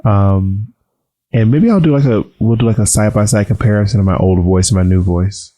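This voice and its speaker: A man co-hosting a podcast in a campy, playful chat, his voice quieter and subdued while it recovers after surgery. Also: on the low side, fairly quick. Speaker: podcast co-host. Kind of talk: casual chat.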